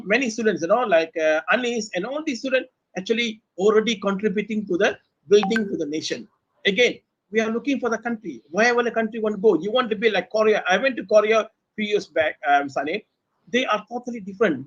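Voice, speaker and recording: A middle-aged professor with a Malaysian English accent holds forth on a panel, animated and throwing rhetorical questions at the others. His voice sits high for a man. The webinar audio is dull and lo-fi. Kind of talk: unscripted panel talk. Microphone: webinar video call mic.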